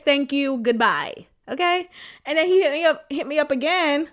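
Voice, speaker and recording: Animated, laughing woman podcast host. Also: sits high, moderate pace. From Boston area, US. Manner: animated, swears freely, laughs often. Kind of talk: candid storytelling chat.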